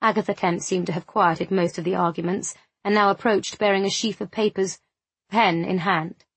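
A woman narrating an audiobook in a measured, even way. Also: medium pitch, husky, dry recording.

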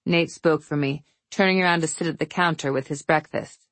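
A woman's voice: deep voice, fairly quick, dry recording. A woman narrating a novel in the first person, with a wry, affectionate storytelling manner. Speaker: audiobook narrator.

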